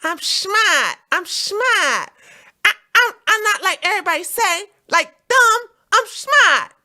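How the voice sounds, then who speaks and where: A woman voicing a dim-witted male newsman who keeps insisting he is smart, in a high, loud, halting mockery. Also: very animated, heavily acted. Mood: mocking.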